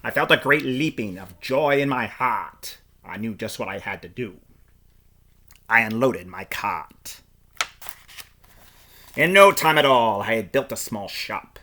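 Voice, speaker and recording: A man performing a rhyming storybook aloud in the first person, playful and expressive. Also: mid-range voice, unhurried, pauses often.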